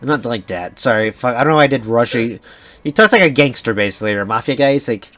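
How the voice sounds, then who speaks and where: A young man in casual podcast chat, wandering from tangent to tangent and cursing freely along the way. His pitch is middle-range but very lively, rising and dipping as he talks. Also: quick pace. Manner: rambling, sidetracked storytelling with frequent restarts and swearing. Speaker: podcast co-host.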